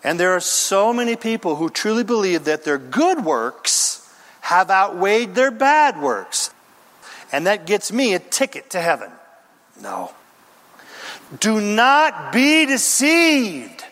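Animated high-voiced male preacher in a reverberant hall. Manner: emphatic, dramatic preaching with long pauses and lists. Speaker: pastor. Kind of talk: sermon.

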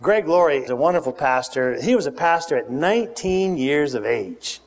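A man preaching a sermon, animated and joking, leading the congregation in call-and-response. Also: on the high side, normal speed, a little hiss or hum. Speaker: pastor. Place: large church hall with congregation. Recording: long reverb of a big hall.

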